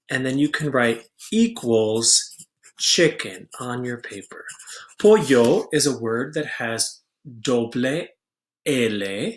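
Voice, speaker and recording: A man teaches a vocabulary lesson in an unhurried, deliberate way, drawing out each word. He is patient and clear, repeating terms so students can write them down. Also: medium pitch. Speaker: Spanish teacher. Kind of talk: classroom-style vocabulary lesson.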